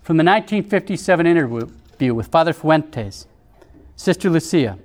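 A man narrating in a measured, solemn reading style, quoting passages from written accounts. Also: a little high, expressive. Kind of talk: scripted narration reading visions.

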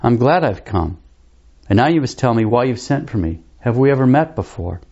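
A man reading as a gentle Irish priest. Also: mid-range voice, big pitch swings, normal speed, muffled recording. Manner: gentle, questioning.

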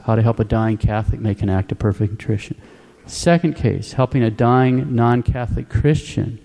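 A man giving a calm, plain-spoken religious teaching, repeating key points for emphasis. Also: medium pitch, gravelly, in a large hall. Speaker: Catholic preacher. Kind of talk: instructional religious talk.

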